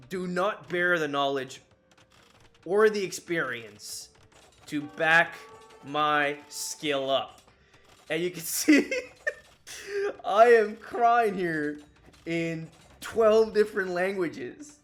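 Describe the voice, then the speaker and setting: Animated, self-mocking gaming commentator man. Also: high-pitched. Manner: laughs often, self-mocking, rambling. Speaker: gaming YouTuber. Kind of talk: casual gameplay commentary.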